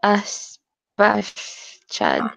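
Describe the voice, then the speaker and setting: A woman's voice: mid-range voice, huge pitch swings, very slow, creaky, a bit bright. A woman learning pronunciation who repeats words hesitantly and giggles at her own slips. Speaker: language student.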